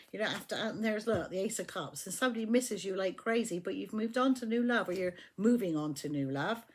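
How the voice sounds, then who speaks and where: A woman's voice: mid-range voice, a little fast, slight background noise. A woman giving a casual, chatty tarot reading, swearing freely and checking in with the listener again and again. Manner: chatty, profane, keeps asking "do you know what I mean". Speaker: tarot reader.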